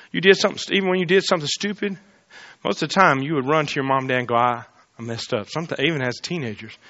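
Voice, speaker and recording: A man preaching a sermon, swinging between loud fervent declarations and quiet confiding asides. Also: a little high, lo-fi sound. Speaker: pastor.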